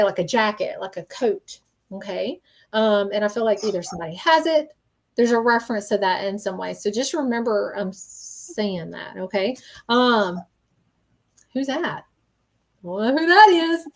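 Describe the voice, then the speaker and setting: A woman hosting a live-stream reading as a psychic medium, speaking earnestly and stopping often to check in with "okay?" between frequent ums. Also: fairly high pitch.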